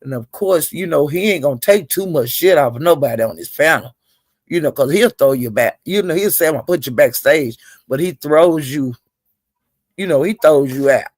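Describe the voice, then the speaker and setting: A woman's voice: low-pitched, expressive, normal speed, darkish tone, dry recording, clean studio sound. A woman hosting a livestream, retelling an online feud in a chatty, gossipy way and calling her listeners "child". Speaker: livestream host.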